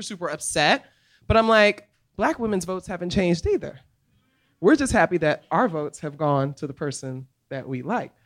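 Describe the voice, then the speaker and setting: A woman with a voice on the low side is a guest in a live podcast interview on a comedy club stage. She talks in an animated, emphatic way, with quick laughs.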